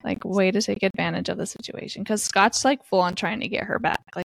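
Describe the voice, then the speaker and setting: A chatty woman talks through a book with a friend, her voice carrying a gravelly fry. The sound is dry and close, and she laughs often as she retells the scenes. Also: mid-range voice, fairly even intonation, brisk, few pauses, dry recording. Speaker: book discussion co-host. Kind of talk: casual chat recapping a novel.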